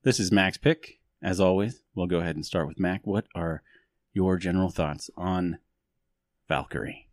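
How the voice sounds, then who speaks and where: A man's voice: deep voice, moderate pace, dry recording, studio quality. A man hosting a podcast in casual chat, joking, self-mocking and rambling. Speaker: podcast host.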